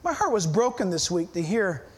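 A man preaching a sermon with a strikingly high voice that swings widely up and down. He presses his points with rhetorical questions and sudden hushed asides. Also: very animated, normal speed, husky. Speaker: pastor.

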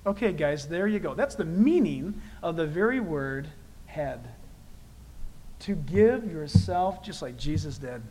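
A man with a noticeably high voice preaches a sermon to his congregation. He talks conversationally and leans hard on key phrases, repeating them for emphasis. He breaks in with candid, self-deprecating personal asides. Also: lively intonation, a little slow, a little mellow, low-quality recording. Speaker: pastor.

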